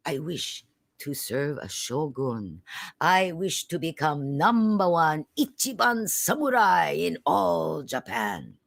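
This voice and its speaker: A woman storyteller voicing a tiny, eager boy samurai who calls out in a high, loud voice and declares himself slowly and proudly. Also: very animated, vocal fry, full character voice. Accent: Hawaiian Pidgin.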